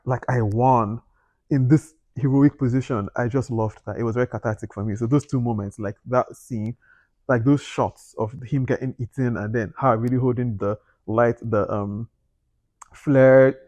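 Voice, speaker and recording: A man's voice: mid-range voice, a little mellow, no echo. A man giving a casual, rambling movie review, acting out his own reactions with sudden gasps and exclamations. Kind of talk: casual spoken film review.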